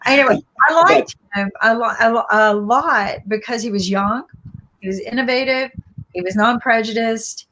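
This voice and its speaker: A woman with a Southern US accent giving her opinions in a casual political chat, animated and quick to restart her sentences. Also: fairly high pitch, slight background noise.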